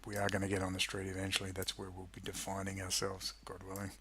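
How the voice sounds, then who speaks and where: Ranting low-voiced man. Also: monotone, quick pace, sharp tone, a little hiss or hum. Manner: angry, sarcastic, swears freely. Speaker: political commentary youtuber. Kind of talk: ranting monologue to camera.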